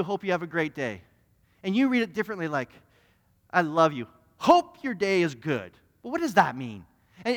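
High-voiced man preaching in a hall. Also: a bit bright. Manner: repetitive restarts, acting out little scenes. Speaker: pastor. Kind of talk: sermon. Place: church sanctuary. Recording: long reverb in a church hall.

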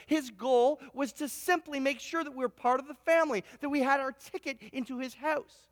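High-voiced male preacher in a reverberant hall. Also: fairly even intonation, normal speed, few pauses, fairly bright tone. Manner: storytelling with frequent stammered restarts. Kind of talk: sermon with illustrative story.

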